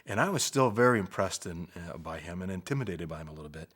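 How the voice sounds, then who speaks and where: An older man, an actor, recalling his early career in a soft-spoken, unhurried interview manner. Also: deep voice. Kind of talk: interview reminiscence.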